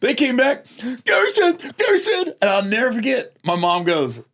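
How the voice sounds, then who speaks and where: A man chatting as a guest on a podcast, telling a story with lively energy, acting out other people's voices and laughing often as he talks. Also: high voice, moderate pace, a little hiss or hum. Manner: animated storyteller who acts out other voices; laughs often while talking. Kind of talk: casual podcast chat.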